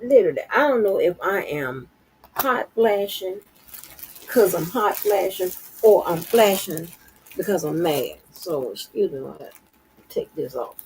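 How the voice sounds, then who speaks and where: A middle-aged woman from Florida in casual, profane commentary, exasperated and swearing constantly as she swings from low mutters to high outbursts. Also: expressive, a little slow, a little mellow, slight background noise, low-quality recording. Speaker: streamer commenting on news.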